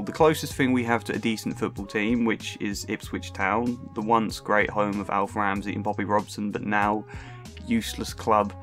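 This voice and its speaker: A man from Suffolk with a faint English accent and only slight local traces, narrating a personal film video essay in a chatty, self-aware way with soft laughs and ums. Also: lowish voice. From Suffolk, England. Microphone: close home microphone.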